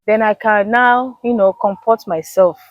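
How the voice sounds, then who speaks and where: A wife explains her habits in a relaxed interview, slipping into short acted-out exchanges. Her pitch is ordinary for a woman. The recording is dry and close. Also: a little slow, dry recording, phone-quality sound. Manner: explains patiently, acts out dialogue. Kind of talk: casual interview chat.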